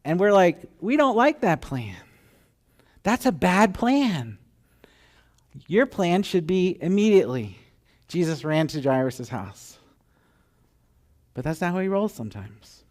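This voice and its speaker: A man preaching a sermon, telling the story with animated acted-out voices and dropping to a hushed, tender tone at moments. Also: a little high. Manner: drops to soft, hushed tones for tender moments. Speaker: pastor.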